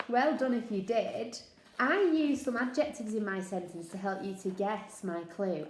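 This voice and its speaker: A woman teacher with a Northern English accent, slowly sounding out words for young children in a sing-song, encouraging way. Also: mid-range voice, expressive. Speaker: early years teacher. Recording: echoey room.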